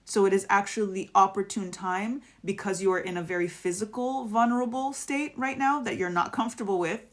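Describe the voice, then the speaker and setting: A woman giving a casual, affectionate live tarot reading, spiritual and encouraging, with many restarts. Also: mid-range voice. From United States. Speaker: tarot reader.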